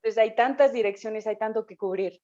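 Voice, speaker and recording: A woman interpreting a talk live, relaxed, with hesitations and self-corrections. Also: a little high, quick pace. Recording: dull lo-fi call audio.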